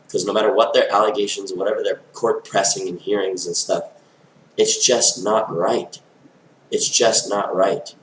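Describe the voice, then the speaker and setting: Low-voiced man rambling on and on. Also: roomy sound, slight background noise, low-quality recording. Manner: rambling, filler-heavy, stream-of-consciousness. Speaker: vlogger. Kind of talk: rambling monologue to camera.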